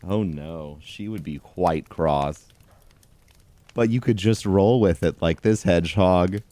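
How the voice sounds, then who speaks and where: Brief: male comic host, drawling, dry deadpan delivery, low-ish voice, close dead room. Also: takes it slowly, no echo. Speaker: comedy host. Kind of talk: deadpan comedic reading of a pun book.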